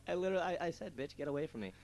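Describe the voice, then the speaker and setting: A man's voice: on the high side, a little mellow, slight background noise. A young man co-hosting a casual radio show, rambling through stories with lots of stammered restarts and laughs at his own jokes.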